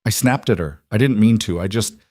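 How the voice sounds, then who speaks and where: A man voicing a stressed working woman in a spoken story, clipped, tense and quick to defend herself. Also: fairly low pitch, a little mellow, no room sound, studio quality, close to an everyday voice. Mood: strained.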